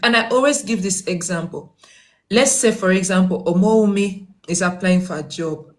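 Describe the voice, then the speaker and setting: A woman's voice: mid-range voice, normal speed. Emphatic woman giving career advice. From Uganda. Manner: emphatic, repeats key phrases, acts out little dialogues. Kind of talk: casual motivational talk to viewers.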